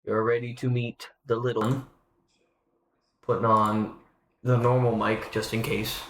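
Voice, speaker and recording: A man's voice: medium pitch, flat delivery, a little slow, reverberant, a little hiss or hum. A man live-streaming from home, chatting in a rambling, casual way with lots of restarts. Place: home room.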